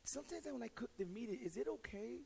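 A raspy male pastor voicing a timid young wife who asks about her cooking in his sermon. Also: very high voice, animated, brisk, a little mellow, slight background noise, pitched above the performer's own voice, heavily acted. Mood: hesitant.

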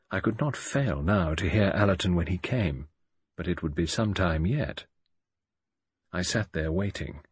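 Male narrator, low and husky, lively pitch, measured first-person audiobook read. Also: no room sound. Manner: measured, expressive storytelling with wide pitch swings.

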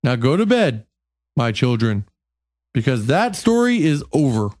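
A host slowly reading a bedtime story aloud in a comic way, stumbling over words and making sarcastic asides. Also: medium pitch, big pitch swings, a little mellow, dry recording, studio quality.

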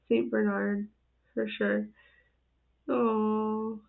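A woman hosting a reaction channel, chatting casually and giggling often as she comments. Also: a little high. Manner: chatty and giggly, laughing often between remarks. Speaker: host of an animal video reaction channel. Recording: tinny phone-like sound.

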